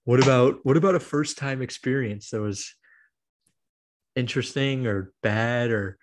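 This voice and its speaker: A male podcast host talks in a loose, casual way, trailing off and restarting as he tells a story. His voice sits at an average pitch for a man. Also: unhurried. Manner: rambling storytelling full of "like" and acted quotes. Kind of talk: casual chat.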